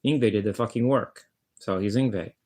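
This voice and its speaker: Blunt, rambling man with a low voice. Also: a little fast, a little mellow. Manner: blunt, swears, many restarts and stammered repeats. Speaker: vlogger, guitarist. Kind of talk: rambling casual monologue.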